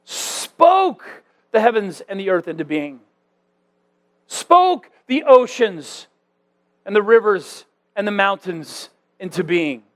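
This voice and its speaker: A man preaching a sermon as a church pastor, conversational and animated, with self-deprecating asides. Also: sits high, slow.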